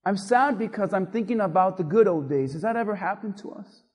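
A man's voice: high-pitched, a little fast, a little mellow, in a large hall. A male pastor giving a conversational sermon, acting out little quoted remarks as he goes. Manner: conversational preaching with quoted asides. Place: church.

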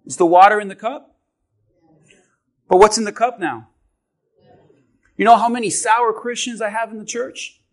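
A man preaching a sermon to his church with an object lesson, animated and swinging from quiet asides to shouting. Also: high-pitched, moderate pace, pauses often. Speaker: pastor.

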